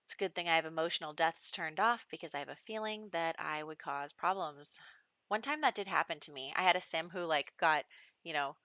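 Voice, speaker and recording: Woman gameplay host, chatty and giggly, low-pitched but bright; dull, dry home recording. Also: brisk, dry recording. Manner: chatty, laughs often, acts out characters' lines. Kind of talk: casual gameplay commentary.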